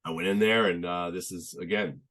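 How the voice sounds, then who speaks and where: A young man chatting as a podcast guest, telling his story in an earnest, halting way with many restarts. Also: deep voice, fairly even intonation, a bit bright. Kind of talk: casual conversational storytelling.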